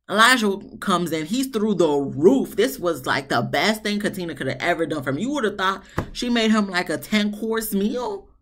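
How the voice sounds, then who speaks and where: A woman's voice: medium pitch, fairly bright tone. A woman giving a casual, blunt and profane recap of a reality TV episode, mimicking the cast in exasperated asides. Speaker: reality TV reviewer.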